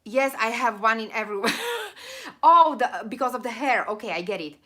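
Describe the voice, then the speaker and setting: Bright-voiced gushing live-stream hostess. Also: female voice, a little high, lively intonation. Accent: non-native accent. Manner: rambling, effusive, quick laughs, lots of thank-yous. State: losing her voice. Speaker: channel host of a live stream. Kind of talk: casual live-stream chat reading viewer comments.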